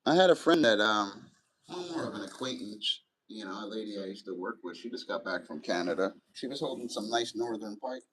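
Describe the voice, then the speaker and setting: Profane, rambling streamer man, low-pitched. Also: lively intonation, a little fast, fairly bright tone, low-quality recording. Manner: loose, profane, rambling and chatty. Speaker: live streamer. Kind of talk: casual live-stream chat.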